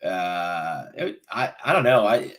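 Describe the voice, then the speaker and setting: A young man co-hosting a fan podcast, retelling a match in a rambling, animated way. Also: deep voice, slow. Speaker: podcast co-host. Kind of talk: casual chat.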